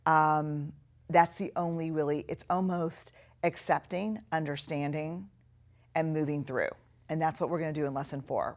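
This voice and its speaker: A middle-aged woman teaching a recorded lesson in a notably low voice. She speaks earnestly and reflectively and slows right down to lean on key words. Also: a little mellow. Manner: earnest, reflective, with slow emphatic stretches. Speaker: course instructor.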